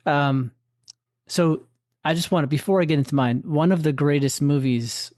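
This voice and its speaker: A man co-hosting a teachers' podcast, talking in an easygoing way with hedges and quick apologies. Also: fairly high pitch, a little mellow, no room sound, studio quality. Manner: easygoing, hedging, apologetic asides. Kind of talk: casual chat.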